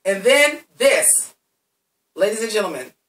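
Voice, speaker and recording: A TV recap reviewer with a bright, sharp-edged, high voice delivers a profane, sassy episode recap in a sing-song, measured way. He is blunt, curses heavily, and addresses viewers directly. Positioned far from the mic, he sounds echoey in the room.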